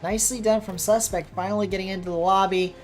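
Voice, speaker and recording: With a steady tone and a quick pace, her mid-range voice carries over quiet background music. She is a streamer and caster from the United States, casually chatting with viewers and reacting to the gameplay and chat.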